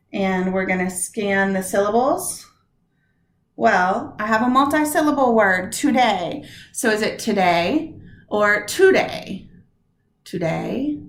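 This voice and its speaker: A woman teacher giving a recorded poetry lesson, stretching out words and syllables to show where the stress falls. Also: medium pitch. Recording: echoey room.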